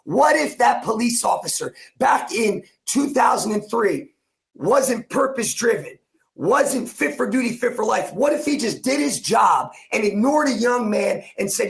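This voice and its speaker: A man's voice: extremely high pitch, big pitch swings, a little slow, gravelly, fairly bright tone. A man in his forties from New Jersey, a coach telling an emotional personal story as a podcast guest, intense and repetitive, acting out the lines he quotes. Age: 40s.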